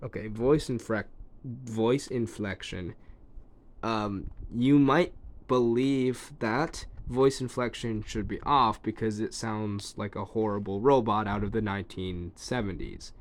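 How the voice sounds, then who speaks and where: A man's voice: on the low side, unhurried. A man casually demonstrating an old gadget, thinking aloud with ums and trailing asides, recorded on a phone. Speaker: tech reviewer demonstrating a device. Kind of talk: casual hands-on demo.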